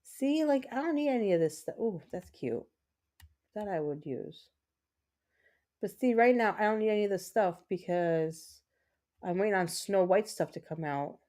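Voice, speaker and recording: A woman's voice: mid-range voice, lively intonation, unhurried, long pauses, darkish tone. A woman hosting a gaming livestream, chatting casually and rambling to herself as she plays. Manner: chatty, self-talking, rambling. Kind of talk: casual chat while playing.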